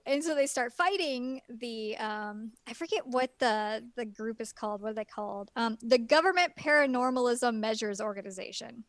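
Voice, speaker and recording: A woman's voice: a little high, a bit bright, no room sound, clean studio sound. A woman on a casual podcast, rambling through a plot recap with lots of ums. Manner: rambling plot retelling with many fillers. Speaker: guest reviewer.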